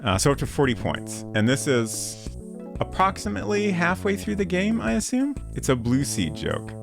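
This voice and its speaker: A man streaming a game, chatting casually with viewers and thinking out loud. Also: on the high side, huge pitch swings, normal speed, vocal fry. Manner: chatty, thinking aloud with fillers. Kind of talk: casual let's-play commentary. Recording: game music playing under the voice.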